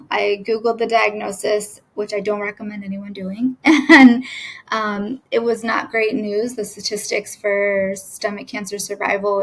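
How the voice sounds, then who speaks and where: Woman in her thirties, flat steady pitch, halting with fillers, emotional personal account. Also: low-quality recording. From United States. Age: 30s. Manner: halting, with many fillers and restarts. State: emotional at times. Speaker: cancer patient, nurse. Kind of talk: personal story told to camera.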